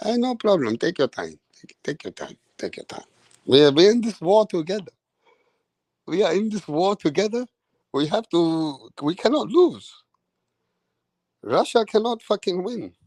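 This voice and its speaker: A calm male boxing referee, as a man puts him on, speaks in a low, hushed and soothing voice. He drops lower than the speaker's usual tone and slows down to reassure. The sound is close and dry. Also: no room sound.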